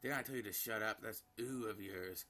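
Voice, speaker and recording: A man's voice: fairly low pitch, normal speed, sharp tone, soft background music. A man doing a scolding, short-tempered mother. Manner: scolding, harsh.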